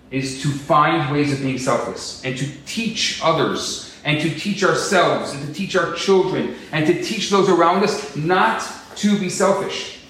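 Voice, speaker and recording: A man preaching a sermon as a rabbi, animated and acting out quotes in different voices. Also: fairly high pitch, slight background noise. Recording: echoey room, distant mic.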